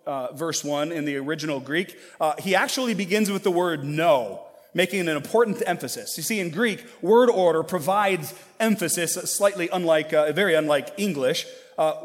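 A man's voice: fairly high pitch, normal speed, big-room sound. A man preaching a sermon to his church, earnest and emphatic, building intensity as he presses a point. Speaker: pastor.

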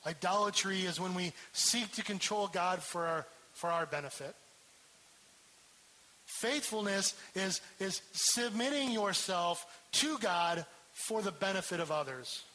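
A man's voice: high voice, measured pace, bright, forceful tone, poor audio. A man preaching a sermon as pastor, emphatic and repeating key words for stress.

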